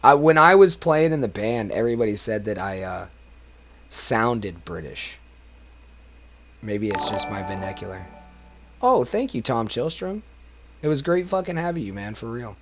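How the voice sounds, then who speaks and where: Young guy rambling on his stream between songs, cussing a lot, bright voice a bit worn from smoking. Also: mid-range voice, animated, normal speed, long pauses, a little hiss or hum. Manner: rambling, swears a lot, talks to chat. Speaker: karaoke streamer. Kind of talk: casual livestream chat.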